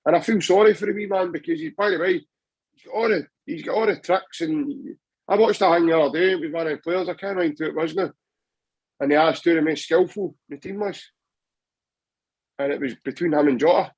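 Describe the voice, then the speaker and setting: A Scottish man talks passionately about football on a podcast, casual and rambling with many restarts. His voice is fairly high, brisk, and a bit breathy. There's no room sound, but the audio quality is poor.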